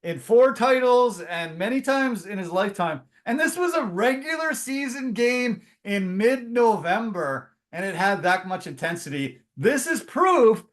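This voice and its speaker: Man, high voice, sports podcast co-host, casual chat, animated storyteller. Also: a little slow, hardly any pauses. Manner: animated storyteller, acts out quotes.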